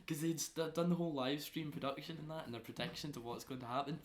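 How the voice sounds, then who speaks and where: A man's voice: a little high, quick pace. A young man co-hosting a podcast, giving his opinions in rambling casual chat with frequent restarts. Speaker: podcast co-host.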